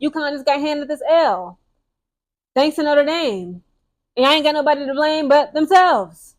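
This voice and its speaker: A young woman talks straight to her viewers in a casual sports vlog. Her voice sits high, and she drives her points hard, checking in with "okay?" and "guys" as she goes. She talks fast and chatty, restarting and repeating words along the way. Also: lively intonation. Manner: emphatic, keeps tagging lines with "okay?" and "guys". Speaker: sports commentary vlogger. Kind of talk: casual opinionated sports commentary.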